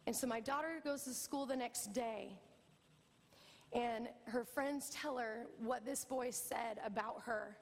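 A middle-aged woman pastor preaching a sermon, telling a family story with lively, animated delivery. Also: on the high side, takes it slowly, gravelly, big-room sound. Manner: storytelling, animated, acts out quoted voices. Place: church.

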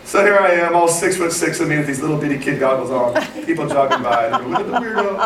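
High-voiced preacher in an echoey church. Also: male voice, fast talker, recorded from a distance, crowd noise. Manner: storytelling, lively, acts out quotes, laughs often. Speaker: pastor. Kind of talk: sermon. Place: large church hall with congregation. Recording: echoey hall, recorded from afar, congregation audible.

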